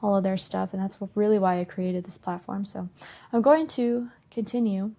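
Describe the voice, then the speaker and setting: A woman's voice: medium pitch, fairly even intonation, moderate pace, dark tone. A woman hosting a spiritual self-help podcast, talking casually and frankly in a playful put-on country drawl and laughing often. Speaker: podcast host.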